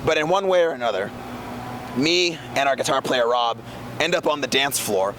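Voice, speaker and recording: A man's voice: medium pitch, lively intonation, moderate pace. A young man from the San Francisco area telling a rambling, profane tour story in a laid-back, casual way, with lots of fillers. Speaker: touring metal band member. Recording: loud traffic noise outdoors.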